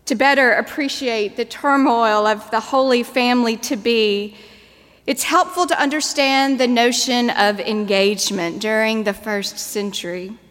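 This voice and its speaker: A woman preacher delivering a sermon in a measured, storytelling manner. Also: a little high, a bit bright. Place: church. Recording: long church reverb.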